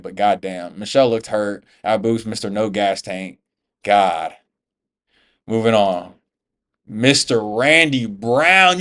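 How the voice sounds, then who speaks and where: With a medium-pitched voice, a US man who makes MMA videos on YouTube reacts casually to fights, swearing, using slang, and addressing everyone as "bro."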